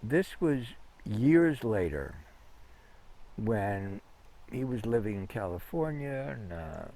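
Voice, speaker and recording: A man's voice: fairly low pitch, big pitch swings, slow, dark tone. A man telling long anecdotes in a conversational interview, rambling with fillers and restarts. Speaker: interview guest. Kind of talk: conversational storytelling.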